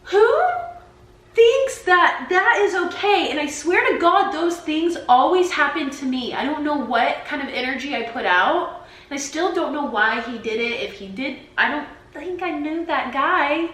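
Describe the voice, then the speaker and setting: Bright-voiced young woman telling stories. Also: sits high, moderate pace, reverberant, low-quality recording. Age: 20s. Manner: chatty, peppered with "like". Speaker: vlogger. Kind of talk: casual storytelling to camera. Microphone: camera mic.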